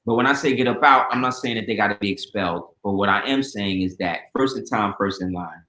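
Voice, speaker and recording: A man's voice: lowish voice, a little fast. A man speaking as a guest in casual storytelling talk, acting out the voices of people in his stories. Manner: animated storyteller, acts out quoted voices. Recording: roomy echo.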